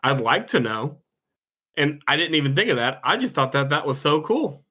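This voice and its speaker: A man's voice: fairly high pitch, very animated, moderate pace, bright, forceful tone. A man hosting a movie podcast, reading trivia and chatting casually with some swearing. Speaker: podcast host.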